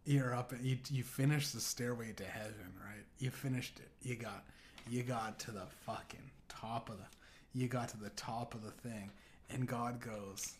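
A man's voice: mid-range voice, steady tone, normal speed. Guy rambling on his podcast, swears a lot, keeps restarting, average voice, slight hiss. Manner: rambling, profane, full of restarts and filler. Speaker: podcast host. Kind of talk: rambling comedic monologue.

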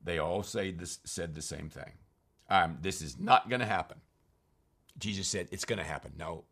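A man's voice: sits low, normal speed, a bit bright. A man teaching from scripture, reading verses aloud and then explaining them in plain, conversational terms. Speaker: preacher.

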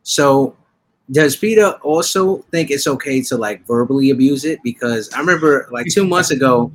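A man's voice: medium pitch, moderate pace, low-quality recording. Teasing man over faint noise. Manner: teasing, storytelling. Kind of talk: casual group chat.

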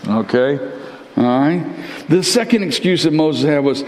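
A man preaching a sermon to his church, animated, with big swings in pitch and frequent repeated words for emphasis. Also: unhurried. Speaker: pastor. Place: large church sanctuary. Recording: long church-hall reverb.

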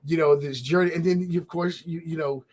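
A man hosting a casual faith talk show, animated and laughing often as he acts out little voices. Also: fairly high pitch, fairly quick. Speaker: host. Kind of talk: casual radio chat about faith.

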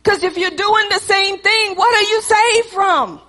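A woman's voice: extremely high pitch, unhurried, sharp tone, in a large hall. A woman pastor preaching a sermon in a church, with call-and-response and acted-out dialogue.

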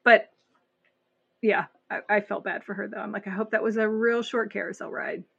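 A woman's voice: medium pitch, moderate pace, gravelly, slightly rough, muffled recording. A woman co-hosting a podcast, retelling scenes in casual chat and acting out the voices of the people she describes. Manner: animated retelling, acts out voices. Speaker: podcast co-host.

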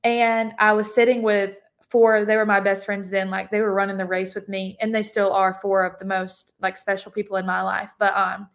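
A woman's voice: medium pitch, level tone, normal speed, few pauses. A young woman, sharing her testimony as a podcast guest in a casual, chatty way full of "like". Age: young adult. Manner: chatty, heavy use of "like" fillers.

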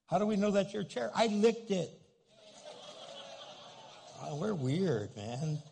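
Gravelly, animated man preaching. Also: sits high, slow pace, pauses often. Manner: animated, acts out angry churchgoers in comic asides. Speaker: pastor. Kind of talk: sermon.

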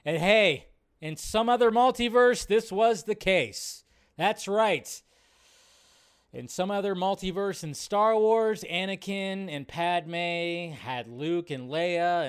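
A man hosting a live show in casual commentary, rambling between low mumbles and loud excited outbursts. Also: takes it slowly, smooth. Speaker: show host.

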